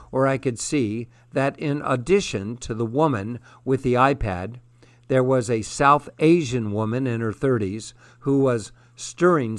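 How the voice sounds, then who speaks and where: A man narrating a first-person story in a measured, steady way. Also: medium pitch, no echo. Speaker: audiobook narrator.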